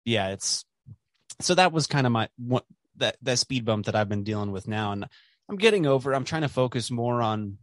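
A man's voice: medium pitch, lively intonation, normal speed, no room sound. Rambling casual man on a dry mic. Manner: rambling, many fillers and restarts; swears casually. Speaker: podcast host. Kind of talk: casual conversation.

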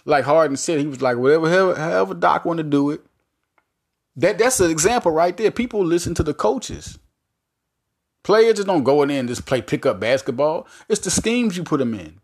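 A man hosting a solo sports podcast, talking in a rambling, animated way with many restarts and fillers. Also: fairly high pitch, a little fast, breathy edge.

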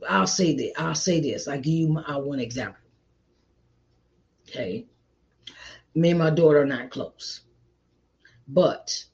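A man's voice: a little high, vocal fry. Middle-aged man, raised voice, earnest repetitive encourager; dull lo-fi sound. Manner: repetitive, earnest, preachy, calls listener child and honey. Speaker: author giving encouragement. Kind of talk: motivational talk to viewers. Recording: dull lo-fi recording.

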